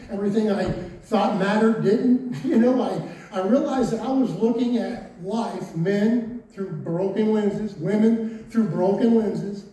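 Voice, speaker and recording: Echoey, mellow-voiced man giving testimony. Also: high voice, far from the mic. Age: 40s. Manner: candid, wry, with self-mocking asides. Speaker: testimony speaker. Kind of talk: personal testimony to a congregation. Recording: roomy echo, voice from off-mic, faint hiss.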